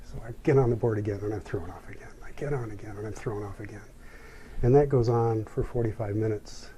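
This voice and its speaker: Deep-toned man telling a reflective story. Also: quick pace, dark tone, slight background noise. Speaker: interview guest. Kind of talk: personal storytelling.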